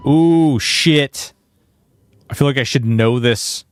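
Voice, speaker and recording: A man's voice: medium pitch, slow pace, smooth, faint music behind. A man streaming a video game, talking in an earnest, rambling way into a headset. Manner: earnest, rambling, with many restarts. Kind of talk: livestream chat and game commentary.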